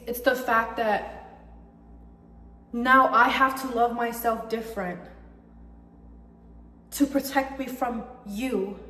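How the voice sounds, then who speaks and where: A woman's voice: fairly high pitch, a bit bright, a little hiss or hum. A young woman ranting heatedly about a breakup, emphatic and swearing freely. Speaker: vlogger. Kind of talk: personal storytime rant. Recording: echoey room with long reverb.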